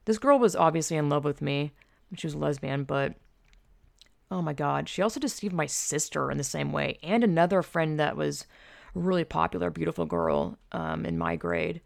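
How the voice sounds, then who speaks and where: A woman's voice: low-pitched, animated, brisk, creaky, no echo, studio quality. A woman telling stories in a loose, rambling monologue, full of fillers and casual swearing.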